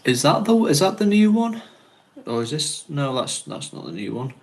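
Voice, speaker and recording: A man's voice: a little high, very animated, moderate pace, gravelly. A man from North West England, hosting a casual livestream chat and rambling, chatting and laughing often. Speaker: fragrance channel host.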